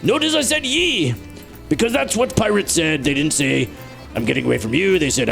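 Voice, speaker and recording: Goofy, animated gamer man, gravelly voice. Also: moderate pace, soft background music. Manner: goofy, jokey, self-mocking; animated, playful pitch swings. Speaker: gaming YouTuber. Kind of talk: let's play commentary.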